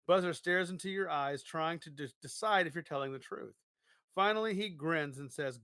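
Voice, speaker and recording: A man's voice: fairly high pitch, lively intonation, normal speed, pushed and bright, dry recording. A man co-hosting a podcast, reading a kids' gamebook aloud with playful jokes. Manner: playful, jokey. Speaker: podcast co-host.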